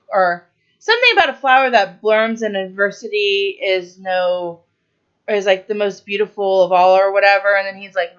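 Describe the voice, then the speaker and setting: A woman's voice: medium pitch, moderate pace, fairly bright tone, clean tone, muffled recording. A woman co-hosting a podcast, casually retelling a movie's plot with lots of fillers and quoted lines. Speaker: podcast co-host.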